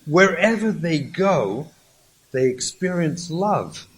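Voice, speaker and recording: A man's voice: a little high, very animated, slow pace, slight background noise, poor audio. A man, a rabbi, giving a lecture and acting out stories, emphatic and repeating key points.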